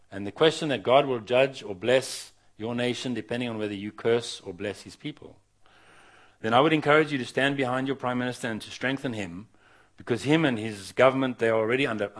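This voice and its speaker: A visiting male speaker preaches earnestly at an evening gathering, urging his listeners on and frequently restarting his sentences. His voice is medium-pitched, and he is not from Australia.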